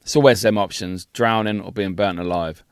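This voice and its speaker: A man's voice: sits low, normal speed, clean tone, no room sound, studio quality. A man co-hosting a casual podcast who teases his friend with crude jokes and frequent laughter. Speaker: podcast co-host. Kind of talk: casual banter.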